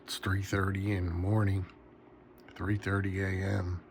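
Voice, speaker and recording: A man's voice: deep voice, monotone, a little slow, slight background noise. A tired man rambling casually in a late-night vlog from his bedroom, yawning often. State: sleepy. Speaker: knife collector vlogger.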